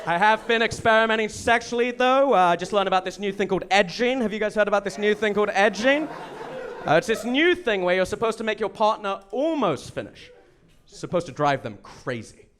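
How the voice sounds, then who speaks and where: A young English man doing a stand-up comedy set, with deadpan punchlines and quick asides to the crowd. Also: high-pitched. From England. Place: comedy show venue. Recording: live set with loud crowd noise and laughter.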